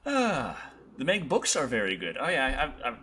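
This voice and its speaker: An excitable young man hosts a loose livestream chat, stumbling over restarts as he hurries on. His voice is bright and forceful. A faint noise hums underneath. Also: medium pitch, normal speed. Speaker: show host.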